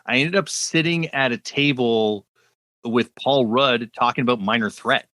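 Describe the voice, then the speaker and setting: A man's voice: medium pitch, a little slow, sharp tone, dry recording. A man hosting a podcast, chatting casually and easily, swearing freely now and then. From Canada. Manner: laid-back, swears freely, laughs along. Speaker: podcast host. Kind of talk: casual chat.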